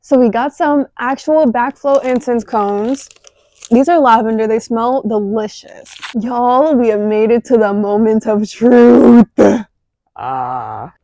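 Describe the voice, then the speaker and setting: A young woman chatting casually while crafting, talking excitably with lots of filler words into a phone camera at home. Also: fairly high pitch, slow pace. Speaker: craft vlogger.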